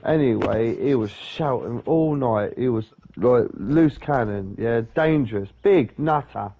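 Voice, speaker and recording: A man's voice: mid-range voice, animated, measured pace, slight background noise. A young man telling a rambling story in casual chat, swearing often. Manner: swears a lot, rambles with restarts. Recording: dull lo-fi sound.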